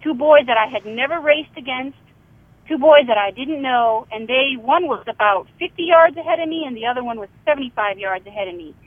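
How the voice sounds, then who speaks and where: A woman's voice: sits high, animated, brisk, slightly rough, no echo. A middle-aged woman, an author and radio guest, telling a family story and acting out the voices in it. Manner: vivid storyteller, acts out quoted dialogue. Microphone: telephone. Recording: tinny phone line.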